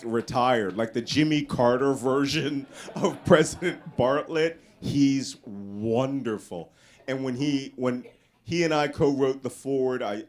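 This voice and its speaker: A man giving a casual, anecdotal talk as a guest speaker to a live audience, often raising his voice to act out the people in his stories. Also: medium pitch. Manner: animated storyteller, voices quoted people loudly.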